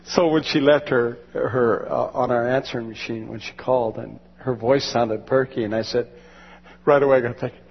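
A man's voice: medium pitch, steady tone, moderate pace, husky. A male pastor preaching a sermon with fervent, rising exclamations. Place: church sanctuary. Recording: dull lo-fi church recording with long reverb.

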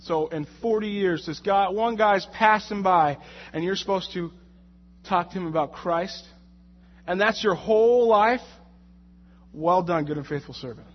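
A young man preaching a sermon in an animated, joking way, often repeating words as he goes. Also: high voice, a little slow. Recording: muffled, in a reverberant hall.

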